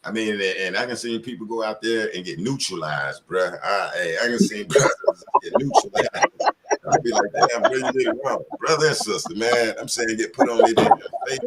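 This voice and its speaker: A man's voice: fairly low pitch, lively intonation, moderate pace, background noise. A man in casual panel talk, telling loose, profane stories full of slang. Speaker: community panelist.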